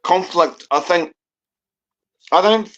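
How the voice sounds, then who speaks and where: A man's voice: high-pitched, slow pace, a bit bright. A man with a New Zealand accent, a guest caller on a live panel, chatting casually in a rambling way with lots of swearing and laughter. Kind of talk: casual chat. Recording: dull lo-fi sound.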